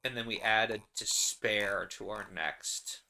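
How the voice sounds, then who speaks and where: A man's voice: fairly low pitch, fairly even intonation, a little slow, gravelly, sharp tone. A man narrating his solo tabletop game in a rambling, casual way, laughing often.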